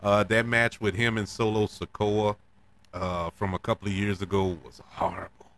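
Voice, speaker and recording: A man's voice: fairly low pitch, normal speed. A man hosting a podcast, talking casually and emotionally about wrestling, laughing now and then. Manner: animated, emotional, laughs between words. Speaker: podcast host. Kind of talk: casual wrestling recap monologue.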